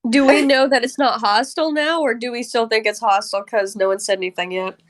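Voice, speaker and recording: A woman playing a tabletop game, with a somewhat high voice and an earnest, questioning manner. Her talk is casual and even. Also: fairly quick. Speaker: player.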